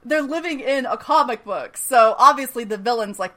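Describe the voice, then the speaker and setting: Animated woman recapping a show. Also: sits high, normal speed, few pauses. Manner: animated, acts out characters' lines with laughs. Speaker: podcast co-host. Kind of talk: casual chat recapping a TV episode.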